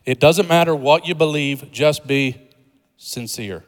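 Long hall reverb surrounds a pastor whose unhurried voice sits on the high side. He preaches conversationally and with humor, building up to emphatic points.

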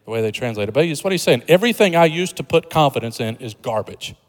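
Animated and fast, a male pastor with a mid-range voice gives a sermon that feels like friendly, joking talk yet climbs to emphatic points. The recording has long hall reverb.

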